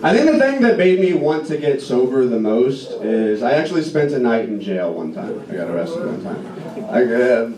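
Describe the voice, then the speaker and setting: A young man from Indiana doing a stand-up set with self-deprecating, deadpan punchlines. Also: mid-range voice, normal speed, a crowd in the background. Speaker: stand-up comedian. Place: comedy club stage. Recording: roomy club recording from far off. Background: audience laughter.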